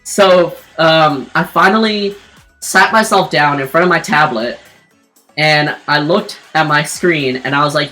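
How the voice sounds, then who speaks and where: A woman's voice: sits low, normal speed, a bit bright, faint music behind. A woman streamer telling a personal story in casual chat while drawing, rambling with lots of fillers and restarts. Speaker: streamer and artist.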